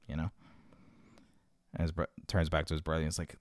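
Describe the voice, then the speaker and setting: A man's voice: a bass voice, little pitch movement, moderate pace, vocal fry, pauses often, no echo, studio quality. A man casually telling long jokes, rambling with lots of "like" and restarts as he acts out the characters' lines. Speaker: joke teller.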